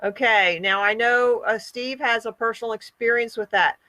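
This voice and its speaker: A woman hosting an online group call, talking in a slow, earnest, lecturing way. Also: a little high, fairly even intonation, sharp tone, no echo. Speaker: host of an online hangout. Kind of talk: casual group chat.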